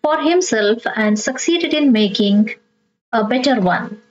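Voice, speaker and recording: Slow Indian English woman teacher. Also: fairly high pitch, lively intonation, muffled recording, slight background noise. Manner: slow, deliberate reading of exercises. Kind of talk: textbook lesson explanation.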